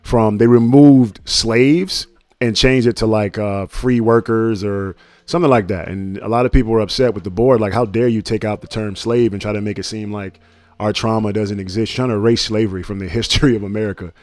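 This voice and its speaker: Animated young man, dry close sound. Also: brisk, no echo. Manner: animated storytelling, acts out quotes in a higher voice. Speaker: podcast co-host. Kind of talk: casual commentary chat.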